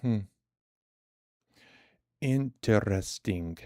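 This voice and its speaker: A man with a fairly low voice hosts a live trading stream in casual, chatty talk. He is self-deprecating and laughs easily. The sound is dry and close, with no room echo. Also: lively intonation, extremely slow, dark tone.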